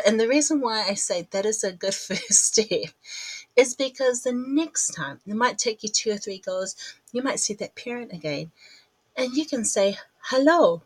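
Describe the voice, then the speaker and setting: A woman's voice: medium pitch, husky, no echo, low-quality recording. A woman hosts her own podcast with a chatty, rambling delivery, often laughing at herself. She sounds a little out of breath between phrases. Her voice is recorded close and dry, with no room sound. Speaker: podcast host. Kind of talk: casual chat.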